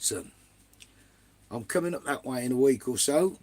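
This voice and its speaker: A man's voice: medium pitch, expressive, moderate pace, a little mellow, no echo. An Englishman, casually chatting live from his camper van with viewers, full of banter and swearing, calling everyone mate and son. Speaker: vanlife live streamer.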